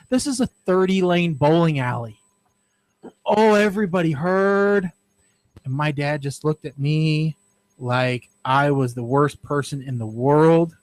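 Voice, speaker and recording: A man's voice: on the high side, measured pace, dry recording, poor audio. Rambling man, dry close mic. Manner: rambling, self-deprecating, frequent "all right". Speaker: podcast co-host. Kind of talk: casual radio show storytelling.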